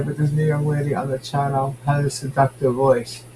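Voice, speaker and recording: A man's voice: medium pitch, little pitch movement, moderate pace, a little mellow, slight background noise. A man hosting a casual podcast, chatting and reacting to viewer comments. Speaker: podcast host. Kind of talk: casual gossip chat.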